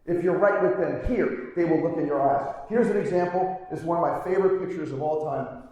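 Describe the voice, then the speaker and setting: A man's voice: fairly high pitch, a little fast, dull audio. Middle-aged man telling stories in an echoey hall. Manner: earnest storyteller, keeps asking the crowd "right?". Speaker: pediatric chiropractor giving a keynote. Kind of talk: live conference talk, storytelling. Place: large conference hall, live on stage. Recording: very echoey hall, distant mic.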